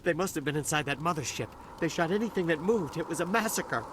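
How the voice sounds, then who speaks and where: A man's voice: on the high side, animated, quick pace, a bit bright, a little hiss or hum. An actor playing a nervous male dock worker and smuggler in a video game, stammering and defensive. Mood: haunted. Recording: game audio with music behind.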